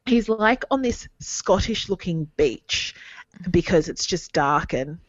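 A woman's voice: fairly low pitch, lively intonation, slow pace, no echo, lo-fi sound. A woman co-hosting a podcast in casual chat, gushing and rambling with many fillers. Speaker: podcast co-host.

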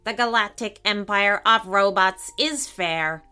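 A woman's voice: mid-range voice, measured pace, sharp tone, clear, resonant tone, soft background music. A woman voicing a boastful alien toy robot who speaks in formal, clipped pronouncements. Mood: coolly superior.

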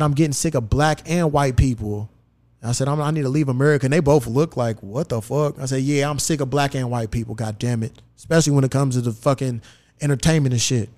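A man hosting a podcast, telling a story in casual, profane chat and acting out the dialogue. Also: mid-range voice. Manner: profane, animated, acts out quoted dialogue. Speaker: podcast host. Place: podcast studio.

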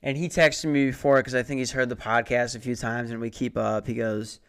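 A young man hosts his podcast solo, rambling loosely through a story with lots of swearing and jokes at his own expense. His smooth, resonant, mid-pitched voice sounds worn out from too little sleep, and his delivery is flat and brisk.

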